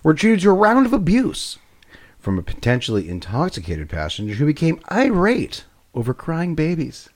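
Lively laughing male podcast host. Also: fairly high pitch, normal speed. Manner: laughing, swearing, mock-reading news. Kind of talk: crude comedic commentary.

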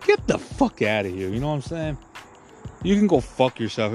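A man's voice: fairly low pitch, expressive, moderate pace, a little mellow, soft background music. A man hosting a podcast, ranting crudely and heatedly in a rambling monologue full of filler and profanity. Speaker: podcast host.

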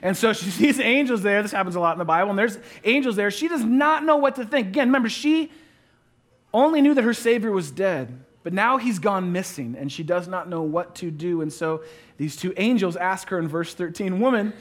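A male pastor preaching a sermon, retelling a scripture story with playful asides and dropping into a quiet, hushed voice for reflective moments. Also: sits high, fairly quick.

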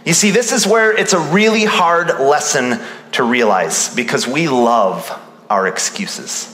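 A man delivers a lively sermon, slipping into the voices of the people he quotes. His voice is bright and slightly raised, and the room answers with a big, roomy echo. It sounds like a church sanctuary recording. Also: on the high side, a little slow, slight background noise. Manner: animated preaching, acting out quoted voices. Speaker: pastor. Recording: roomy hall reverb.

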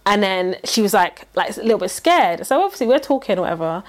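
A woman's voice: mid-range voice, very animated, fast talker. A woman in casual chat, rambling through a story with fillers and self-corrections.

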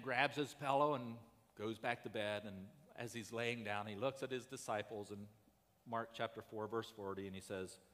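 A man's voice: a little high, sharp tone, in a large hall. A man preaching a sermon in a conversational way that rises to urgent emphasis. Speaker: pastor.

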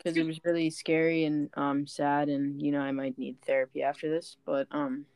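A woman's voice: deep voice, flat delivery, normal speed, darkish tone, smooth, dry recording. A young woman co-hosting a podcast in casual chat, playful and teasing, laughing often. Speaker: podcast co-host.

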